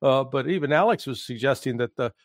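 A man giving political commentary in conversation, emphatic and halting, with restarts and fillers. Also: mid-range voice, no echo, clean studio sound. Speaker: guest commentator.

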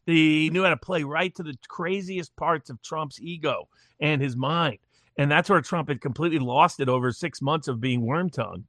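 Fairly high, dry-sounding male commentator. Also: fairly bright tone, no echo. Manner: halting, repeats words while building long arguments. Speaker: political commentator, guest. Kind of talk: casual political discussion.

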